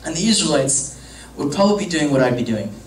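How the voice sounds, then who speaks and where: Casual young youth pastor, echoey room. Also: male voice, a little high, animated, fast. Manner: casual, joking, rambling storytelling. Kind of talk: youth group sermon. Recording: echoey room from far off, faint hum.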